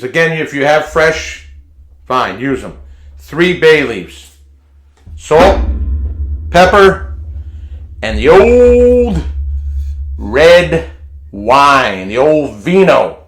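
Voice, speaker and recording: With a fairly high, slightly bright voice, a home cooking vlogger walks through a recipe in his home kitchen. The casual cooking demonstration is chatty and folksy, full of repeated words and restarted phrases.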